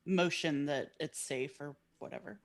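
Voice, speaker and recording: A woman's voice: low-pitched, moderate pace. A woman playing a tabletop game who chats casually, hesitates, and asks the game master questions. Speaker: player.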